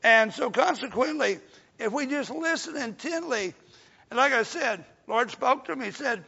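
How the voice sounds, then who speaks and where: An older man preaching a sermon in a folksy way, swelling to shouts and dropping to a hush. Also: very high voice, animated, a little slow, creaky. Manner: folksy, rising to shouts then dropping soft. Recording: dull lo-fi recording in a reverberant hall.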